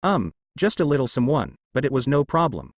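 A man's voice: mid-range voice, sing-song, brisk, no echo. A man voicing a composed masked ninja woman. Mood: respectful report. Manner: polite, reporting, a bit evasive.

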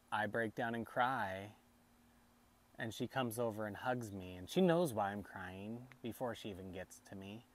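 A man in his thirties talking softly and haltingly about grief on a personal vlog, often restarting his sentences. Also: lowish voice. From United States. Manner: soft, halting, tearful speech with many restarts. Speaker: vlogger and father.

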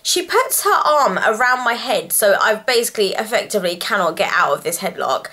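A woman in her twenties tells a storytime vlog with a bright, forceful voice. She talks in a lively, chatty way, filling her sentences with "like." Her pitch sits in an ordinary middle range for a woman. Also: a little fast. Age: 20s. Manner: animated, chatty, lots of "like" fillers. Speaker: vlogger.

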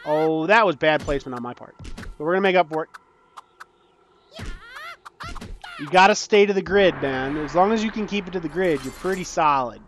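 A man casually commenting on his own gameplay, swinging between low muttering and frantic panicked outbursts. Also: normal speed, long pauses, a bit bright, a little hiss or hum. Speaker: gaming channel host.

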